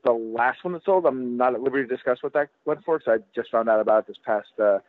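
A man, a guest collector, chatting casually on a podcast in a halting way, full of restarts and fillers. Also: medium pitch. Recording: tinny, dry phone line.

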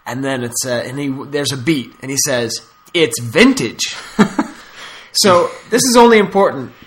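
A man's voice: mid-range voice, big pitch swings, normal speed. A man hosting a podcast in casual chat, rambling through stories with asides. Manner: rambling, storytelling with laughs and asides. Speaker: podcast host.

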